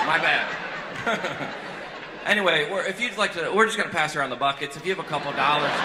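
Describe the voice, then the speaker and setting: A man doing a stand-up comedy set, self-mocking and rambling, moving from hushed sincere talk to loud punchlines. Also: a little high. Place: large venue with live audience. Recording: echoey hall with crowd noise.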